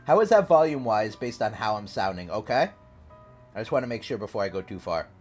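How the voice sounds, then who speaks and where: Male streamer, animated and rambling, casual live commentary over a desk mic. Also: lowish voice, fast talker. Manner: chatty, rambling, lively, reads characters aloud. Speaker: streamer playing a story game. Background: faint game piano music.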